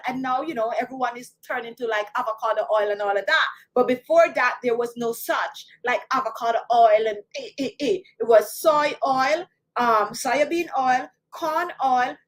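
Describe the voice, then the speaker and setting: Chatty Jamaican woman, high voice. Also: rough recording. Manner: chatty, animated, addresses viewers directly. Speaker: beauty channel host. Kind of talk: casual talk to camera.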